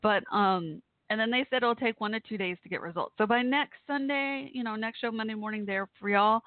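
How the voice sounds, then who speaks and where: A woman's voice: on the high side, fairly quick, no echo. A woman from Texas hosting a call-in show in a rambling, chatty way, often laughing, worried and holding back tears. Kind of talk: casual chat. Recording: dry tinny phone-like line.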